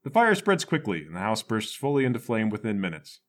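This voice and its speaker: A man narrating a tabletop game as game master, in a playful, animated way. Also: on the low side, a little fast.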